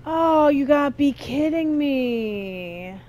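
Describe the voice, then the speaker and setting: A woman's voice: sits high, expressive, takes it slowly, mellow, lo-fi sound, a little hiss or hum. A young woman giving exasperated let's-play commentary while she plays, talking back to the game. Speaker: gameplay streamer.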